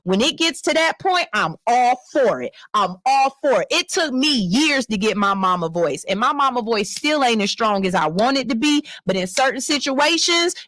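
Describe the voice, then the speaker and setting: A woman radio host, in her thirties, talking in a blunt, profane and animated way. Her voice sits a little high, and the studio sound is close and dry. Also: dry recording. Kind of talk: casual radio talk, reading and reacting to a listener letter. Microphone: studio microphone.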